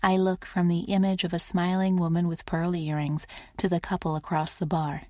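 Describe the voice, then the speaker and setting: A woman narrating a first-person romance audiobook in a soft, intimate reading. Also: on the low side, little pitch movement, moderate pace, no room sound, studio quality.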